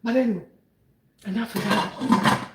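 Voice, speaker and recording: A woman talks her viewers through a recipe in a loose, jokey cooking-vlog manner. Her voice sits fairly high and she takes her time, with clear kitchen noise and clicks behind her. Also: a little slow. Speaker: vlogger cooking on camera.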